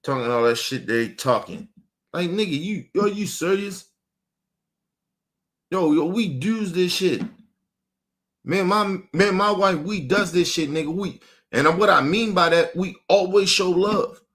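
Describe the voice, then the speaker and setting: This heated on-air rant comes from a male show host with a high, a bit bright voice and a measured pace. He's angry, swears heavily, and keeps repeating himself.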